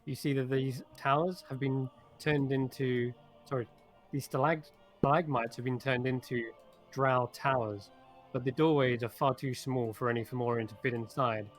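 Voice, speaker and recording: A man runs a tabletop game session, describing scenes and monster moves with playful energy. His voice sits at an ordinary pitch, heard over a voice-call mic. Soft music hums faintly behind him. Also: fairly even intonation, normal speed. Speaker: game master.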